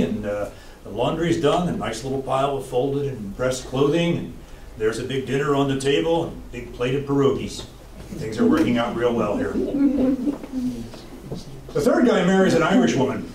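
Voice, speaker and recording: A man's voice: medium pitch, darkish tone, a little hiss or hum. A man giving a humorous public lecture as a college professor, with a dry, wry storytelling delivery. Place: lecture hall. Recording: echoey lecture hall, distant mic.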